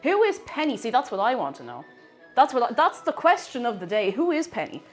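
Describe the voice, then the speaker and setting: A woman's voice: a little high, wildly swooping pitch, fairly quick, faint music behind. A woman streaming herself baking, chatting casually and greeting viewers by name. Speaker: baking livestreamer. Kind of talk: casual chat while baking.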